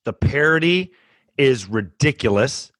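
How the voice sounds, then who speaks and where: A man with a lively, swooping voice trading casual sports banter. He is emphatic and hammers his points home by repeating them. The sound is dry and close. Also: medium pitch, unhurried, no room sound. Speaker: podcast co-host.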